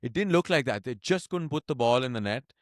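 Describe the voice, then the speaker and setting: A man co-hosting a casual football podcast, talking in a measured, analytical way and laughing often. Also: medium pitch, lively intonation, dry recording, clean studio sound. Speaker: podcast co-host.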